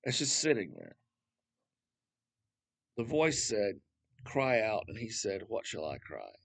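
A man's voice: on the low side, wildly swooping pitch, slow, gravelly, breathy edge. Man teaching scripture in a casual, rambling way. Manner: conversational, rambling, asides and rhetorical questions. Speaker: Bible teacher.

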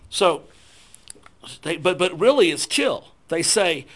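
A man telling a self-deprecating personal testimony to a church group, acting out his own thoughts in lively voices. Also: high voice, takes it slowly. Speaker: speaker sharing a personal testimony.

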